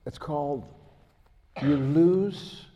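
A man preaching a sermon as pastor, telling stories that build from quiet to loud and excited, laughing along the way. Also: a little high, very slow. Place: church hall. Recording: long hall reverb.

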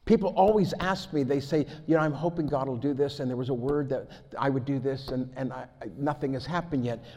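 A male pastor delivers a sermon in a big hall with a long echo. He moves from quiet, measured scripture reading into lively storytelling, getting loud and laughing as he goes. His pitch sits in the middle for a man. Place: church hall.

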